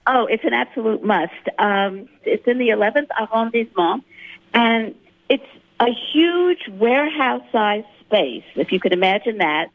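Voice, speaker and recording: Radio caller, woman, eager, gravelly, heard over a tinny phone line. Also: a little high, expressive, normal speed. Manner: eager, enthusiastic.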